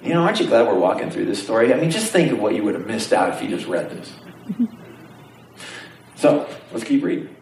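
Animated preacher in a roomy hall. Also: male voice, lowish voice, a little fast, long pauses, a little hiss or hum. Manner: animated storytelling preacher, asks the congregation questions. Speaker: pastor. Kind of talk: sermon. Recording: roomy sound from some distance, faint ambience.

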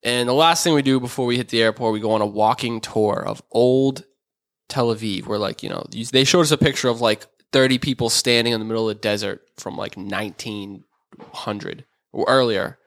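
A young man co-hosting a podcast, telling stories in casual, animated chat full of swearing and "bro.". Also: mid-range voice, brisk, no room sound, clean studio sound. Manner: animated, swears a lot, says bro and dude. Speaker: podcast co-host.

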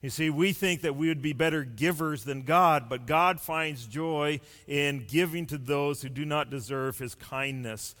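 A man preaching a sermon as pastor, deliberate and building long runs of rhetorical questions. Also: a little high, fairly bright tone, big-room sound.

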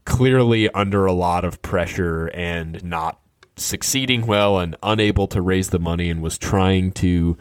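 A man casually telling an anecdote, animated and skeptical, quickly quoting the other people in it. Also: deep voice, no room sound, studio quality. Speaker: storyteller. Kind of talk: casual storytelling.

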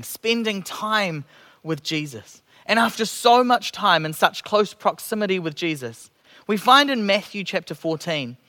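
High-voiced man preaching a gentle sermon.

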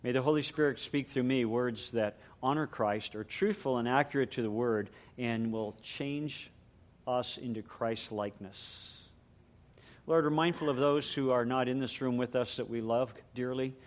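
A middle-aged man, a pastor, preaching a sermon and praying in an earnest, measured way. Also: medium pitch. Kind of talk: sermon with prayer.

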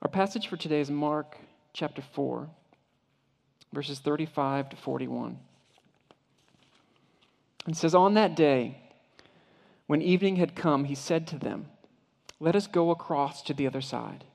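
A male pastor giving a sermon, vividly retelling a story in the second person and often dropping to a hushed voice. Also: fairly high pitch, measured pace, gravelly, pauses often. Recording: long hall reverb.

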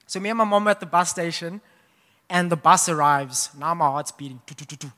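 A young man preaching a sermon, telling a personal story in a casual, animated way with laughs. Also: fairly high pitch, a little fast. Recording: long hall reverb.

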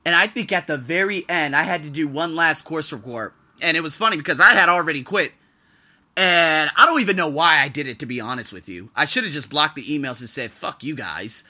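Blunt, ranting man with a sharp high voice. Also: fairly quick. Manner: blunt, ranting, swears freely. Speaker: podcast host and English teacher. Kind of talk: casual monologue. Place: living and working abroad.

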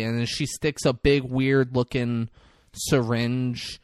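A podcast co-host casually recaps a movie, cursing, laughing, and acting out the characters' lines. His mid-range voice barely moves in pitch, and he speaks slowly with a clean tone and no echo.

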